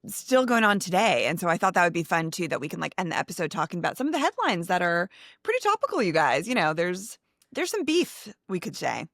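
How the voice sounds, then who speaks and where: A woman's voice: fairly low pitch, big pitch swings, fast, a bit bright, no room sound, clean studio sound. A woman co-hosting a podcast in a bubbly, chatty way, full of fillers. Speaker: podcast co-host. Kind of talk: casual chat.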